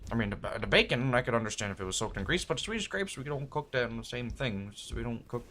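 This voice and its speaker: A man's voice: medium pitch, expressive, fast, bright, forceful tone, slight background noise. A young man who works as a server, telling a work story in a casual, profane way and acting out the quoted voices.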